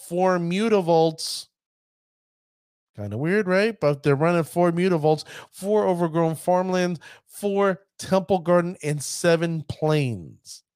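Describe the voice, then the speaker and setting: A man giving casual commentary on a card game deck, chatty and addressing his viewers as ladies and gentlemen. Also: on the high side, dry recording, studio quality.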